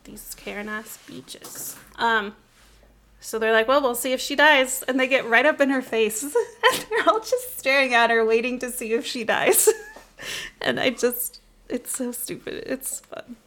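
A young woman hosting a casual film podcast, talking fast and excitably and often breaking into laughter. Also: fairly high pitch. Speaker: podcast host. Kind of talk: casual film-recap chat.

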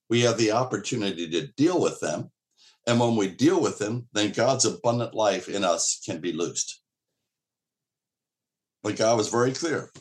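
Earnest low-voiced male pastor preaching. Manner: earnest, emphatic preaching with quoted dialogue. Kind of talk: sermon.

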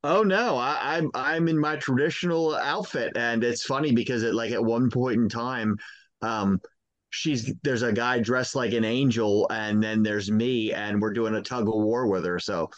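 A man talking casually as a guest, telling stories with animated delivery. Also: medium pitch, moderate pace, no room sound, lo-fi sound. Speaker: Krampus performer guest. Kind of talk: casual chat.

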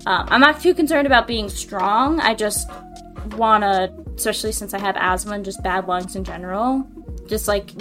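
A woman's voice: medium pitch, moderate pace, bright, forceful tone, soft background music. A woman co-hosting a podcast, chatting casually and filling her talk with "like," heard over a remote call. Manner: chatty, lots of "like" fillers. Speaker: podcast co-host. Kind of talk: casual chat.

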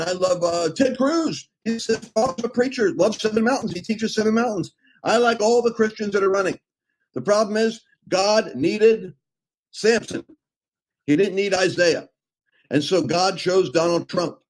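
A middle-aged man preaching in an emphatic, rambling way, with sudden loud outbursts. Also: sits high, normal speed, slight background noise, low-quality recording. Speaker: preacher and host. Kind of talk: impassioned preaching talk.

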